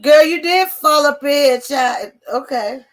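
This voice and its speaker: A woman's voice: high-pitched, takes it slowly, soft background music. A woman hosting a casual livestream, rambling and swearing freely as she answers her viewers' chat. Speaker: livestream host.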